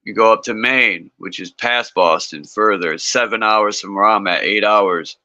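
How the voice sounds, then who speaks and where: Bright-toned man, blunt and chatty. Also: on the low side, measured pace, no room sound. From northeastern United States. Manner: blunt, swears casually, chatty. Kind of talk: casual chat. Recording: dry, dull lo-fi call audio.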